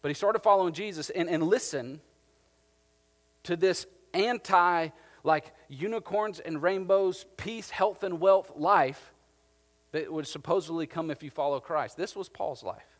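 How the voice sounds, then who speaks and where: A man with a slightly high voice and a measured pace preaches as pastor, the sound carrying the feel of a big room. His delivery is conversational, with animated stories and frequent use of "like."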